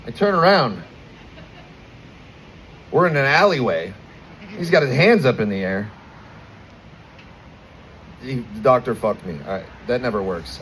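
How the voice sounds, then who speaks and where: A man in his twenties with an American accent, doing a crude stand-up set with animated, acted-out stories, performing outdoors at a bar. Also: medium pitch, a little hiss or hum, poor audio. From United States. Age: 20s. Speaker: stand-up comedian.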